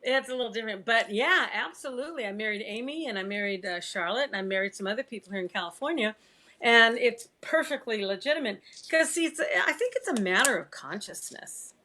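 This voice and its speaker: A woman's voice: fairly high pitch, fairly quick. An older woman, a singer and actress, chatting casually as a guest, telling stories with frequent laughs. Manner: lively storyteller, laughs often. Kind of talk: casual video-call chat.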